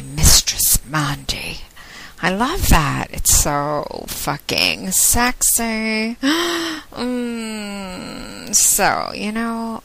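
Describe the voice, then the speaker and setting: A woman hosting her own podcast, speaking in a slow, teasing, drawn-out way that slips into soft whispers. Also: low-pitched, poor audio. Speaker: adult podcast host. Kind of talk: solo podcast monologue.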